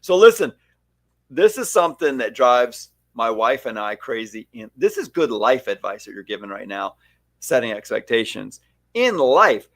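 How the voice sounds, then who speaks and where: Talking with a stylist colleague on a podcast, a man who owns a salon and educates stylists comes across as an animated, emphatic storyteller in a casual conversation. He speaks at medium pitch, and the recording is dry.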